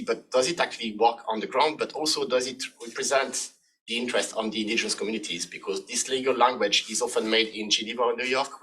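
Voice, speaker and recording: A man from France with a French accent, hoarse, giving a chatty seminar talk as a human rights law professor. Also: medium pitch, a bit bright, recorded from a distance, a little hiss or hum, low-quality recording. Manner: chatty, self-deprecating, laughs between points.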